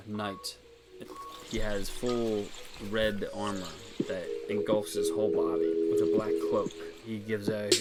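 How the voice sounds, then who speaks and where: Low-voiced man narrating a tabletop game. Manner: rambling, second-person narration. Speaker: game master.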